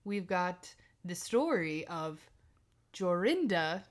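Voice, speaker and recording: A woman's voice: fairly low pitch, big pitch swings, takes it slowly. A young woman co-hosting a podcast, chatting casually and reading a fairy tale aloud with giggles and joking asides. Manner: giggly, self-deprecating, rambling with asides. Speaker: podcast co-host.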